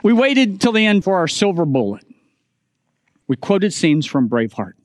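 A man's voice: high voice, very animated, normal speed, no room sound. A middle-aged man preaching a sermon as pastor, telling a humorous story and turning it into an earnest point.

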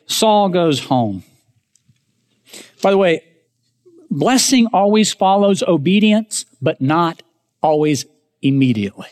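A man preaching a sermon as pastor, emphatic, rising to raised declarations and dropping to hushed asides while speaking directly to his congregation. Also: fairly high pitch. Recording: long hall reverb.

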